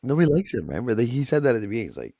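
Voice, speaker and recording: Gravelly, laid-back podcast guy. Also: mid-range voice, very animated, very fast, mellow, no echo. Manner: laid-back, rambling, laughs easily. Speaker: podcast co-host. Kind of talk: casual film review chat.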